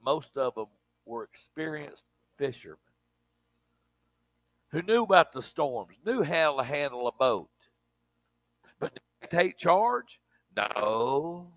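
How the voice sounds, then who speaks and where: A man preaching, his voice somewhat high and tense with force. He talks emphatically and folksily to the congregation. The sound is close and dry. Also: big pitch swings, slow pace, pauses often, a bit bright, no room sound. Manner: emphatic, with colloquial asides to the congregation. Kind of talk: sermon.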